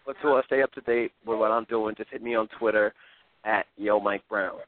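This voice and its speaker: A man's voice: on the low side, fairly even intonation, brisk, dry recording. Man comedian, mid voice, upbeat promo rundown, tinny phone line. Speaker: comedian guest. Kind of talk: casual podcast chat. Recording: phone-like narrow sound.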